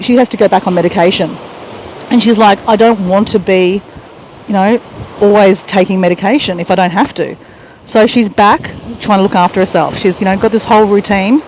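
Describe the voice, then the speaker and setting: An Australian woman talks casually to her viewers while she walks outdoors on a beach. Her voice sits at an ordinary middle pitch. It is caught on a handheld phone, and wind and waves come through clearly. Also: darkish tone. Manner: chatty, talking while walking on a beach. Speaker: vlogger. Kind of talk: casual live-stream chat. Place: beach at high tide, outdoors. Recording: noisy outdoor phone audio. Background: wind and surf.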